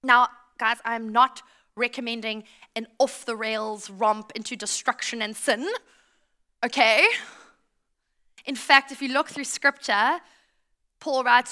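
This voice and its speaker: High bright South African woman preaching. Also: slow pace, pauses often. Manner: lively storytelling, addresses the congregation directly. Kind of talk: sermon.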